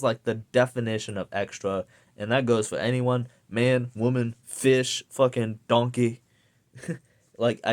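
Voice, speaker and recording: Young man, casual vlog rant, profane, rambling, fillers, medium pitch. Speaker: vlogger.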